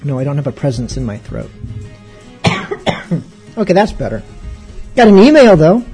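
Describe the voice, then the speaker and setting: A man's voice: mid-range voice, sing-song, moderate pace, a little mellow, soft background music. Rambling wry male radio host. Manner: rambling, wry and self-mocking. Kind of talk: casual chat between songs.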